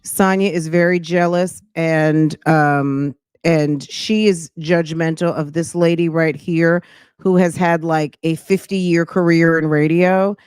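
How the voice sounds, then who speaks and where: A woman's voice: fairly low pitch, smooth, dry recording, clean studio sound. A woman from New Jersey hosting a reaction channel, chatting casually with sassy, judgy asides. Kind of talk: casual commentary.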